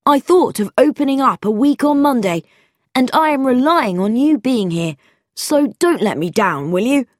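A woman's voice: high voice, animated, moderate pace, dry recording, clean studio sound, pitched above the performer's own voice. A woman reading breezy letter from Badger. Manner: breezy, chummy. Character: cheerful, feckless young male friend writing a letter.

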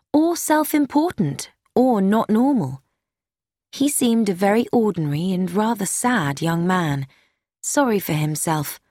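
A woman narrating a novel in a measured storytelling manner. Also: lowish voice, darkish tone, no room sound, studio quality. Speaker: audiobook narrator. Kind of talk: scripted narration.

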